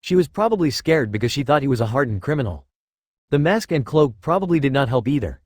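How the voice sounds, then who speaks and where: A man reading a fan fiction story aloud as narrator in a steady, even storytelling manner. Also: medium pitch, quick pace, no echo, clean studio sound.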